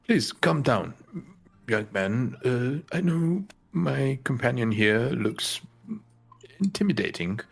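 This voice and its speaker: A man voicing a frail, gentle old man who speaks in a slow, soothing, halting way in a tabletop game. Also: medium pitch, lively intonation, heavily acted. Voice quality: gravelly, husky.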